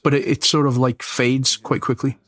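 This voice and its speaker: A man chatting over a movie as a podcast co-host, mid-pitched and easygoing. He rambles, laughs at himself and swears freely. His voice sits close and dry, with no room echo. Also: little pitch movement, normal speed, fairly bright tone. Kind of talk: casual film commentary chat.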